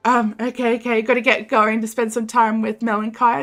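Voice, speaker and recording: A young adult woman, chatting casually with her viewers during a game stream and launching into animated rants. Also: on the high side, fairly quick, faint music behind.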